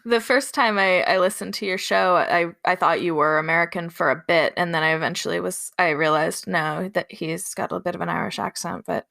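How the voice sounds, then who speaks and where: Laughing podcast co-host woman with a gravelly voice. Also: on the low side, steady tone, brisk, few pauses, fairly bright tone. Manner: laughs often, chatty. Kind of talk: casual chat.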